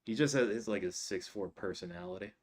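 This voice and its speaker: A man hosting a comedy show, reading audience jokes aloud with dry, deadpan asides. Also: lowish voice, a little fast, crowd noise. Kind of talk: casual chat.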